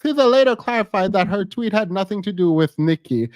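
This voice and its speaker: A man with a high, bright-sitting voice runs through celebrity gossip in a loose, animated way, laughing easily. The sound is close and dry, with no room around it. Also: a little fast, no room sound. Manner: animated, chatty, laughs often. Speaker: pop culture commentator. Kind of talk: casual gossip commentary.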